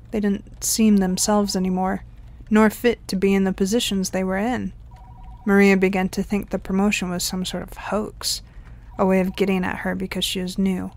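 A woman's voice: mid-range voice, a little mellow. A woman narrating an audio story, reading the dialogue in lightly varied voices.

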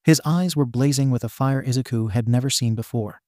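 A man reading fan fiction aloud as narrator in an even, steady way. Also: mid-range voice, brisk, no room sound, studio quality.

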